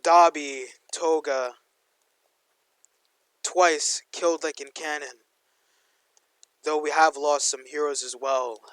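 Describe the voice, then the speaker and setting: A man's voice: medium pitch, a bit bright, clean tone, dry recording, rough recording. Young male storyteller, casual and slangy, dry room, mid voice. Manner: rambling, slangy, full of "like". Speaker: fan storyteller. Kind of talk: casual fan-fiction narration.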